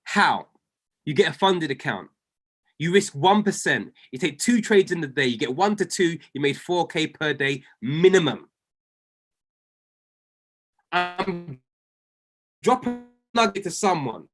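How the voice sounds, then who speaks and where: A man's voice: on the high side, lively intonation, measured pace, long pauses, a bit bright. A man coaching traders on a group video call, fervent and repetitive, speaking to listeners by name. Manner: fervent, repeats lines for emphasis, addresses listeners by name. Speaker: trading coach.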